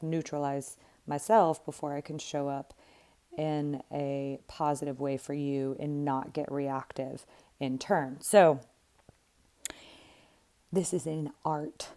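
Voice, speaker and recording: A middle-aged woman speaks as a coach in a candid, emphatic way. Her voice sits low and sounds mellow and relaxed. She talks plainly and is not shy about an occasional curse. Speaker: life coach. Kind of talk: casual direct-to-camera talk.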